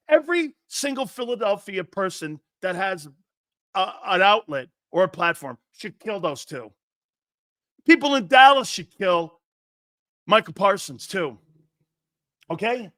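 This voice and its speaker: A man doing crude, sarcastic sports talk, mimicking others in jeering voices and laughing often, swinging between loud outbursts and low mutters. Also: sing-song, measured pace, pauses often, no room sound, studio quality. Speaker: sports commentator.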